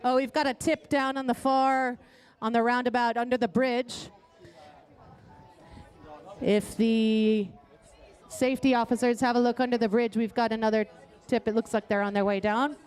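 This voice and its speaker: A woman co-commentates a live regatta in a slightly raised voice. She chats easily about the athletes and quickly flags trouble on the course. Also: a little high, little pitch movement, a little mellow. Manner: chatty, adds background on athletes and flags incidents.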